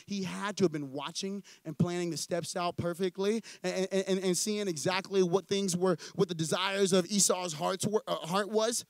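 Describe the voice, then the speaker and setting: High, gravelly young pastor preaching. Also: male voice, moderate pace, hardly any pauses, dry recording. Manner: casual and animated, acting out quoted characters in storytelling; frequent restarts and repeated words. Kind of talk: sermon. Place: church.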